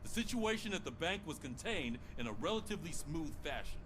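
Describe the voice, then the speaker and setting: A stern, lively police commander. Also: male voice, on the high side, fairly quick, noisy background. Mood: commanding. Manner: curt, commanding. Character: stern male police commander giving orders.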